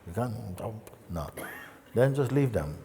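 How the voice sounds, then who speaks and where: Male spiritual teacher, low-pitched, gentle and playful, recorded in a hall with long reverb. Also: animated, a little hiss or hum. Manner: gentle, playful, with long pauses and soft asides. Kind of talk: satsang talk.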